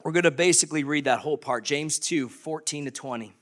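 A man preaching a sermon as pastor, animated and conversational, acting out quoted voices. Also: on the high side, a little fast.

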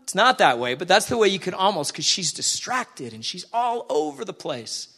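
A man with a high voice delivers a sermon in a church. He talks in a casual, animated way and keeps putting questions to the people listening. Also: moderate pace, breathy edge. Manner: conversational, animated, asks the congregation questions. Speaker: preacher.

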